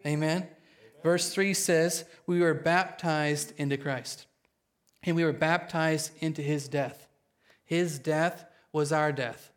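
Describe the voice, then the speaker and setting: A man preaching a sermon to his congregation, excitable and quick, often checking in with them. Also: on the high side. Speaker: pastor.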